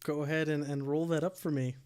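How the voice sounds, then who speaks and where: A man with a slightly high voice narrates as dungeon master, describing dungeon halls and magic to his players. He talks in a halting way and restarts his sentences often. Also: level tone, a little mellow, smooth. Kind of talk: narrating a tabletop game.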